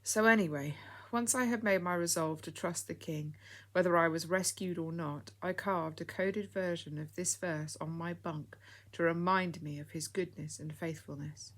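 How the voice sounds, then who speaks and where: Gentle old lady, fond and soft, as a woman reads her. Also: lowish voice, steady tone, normal speed, lightly acted. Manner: soft, fond, calls people dear.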